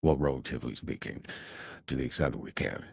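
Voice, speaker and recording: A man hosting a casual livestream chat, rambling and chatty, with his voice run through a deep voice changer. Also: fast, creaky, darkish tone, slightly rough, dry recording, studio quality. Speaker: host.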